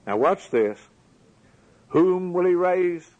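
A man's voice: high-pitched, lively intonation, slow pace, a little mellow, muffled recording. A man preaching a sermon, building his points with rhetorical questions and a rising, emphatic cadence.

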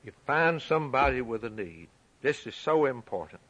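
A man preaching a sermon, emphatic and repetitive, rising loud for scripture and dropping quiet for key points. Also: medium pitch, very animated, moderate pace, highs cut off. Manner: emphatic, repeats phrases, swings from loud to quiet; reads scripture aloud in a raised voice.

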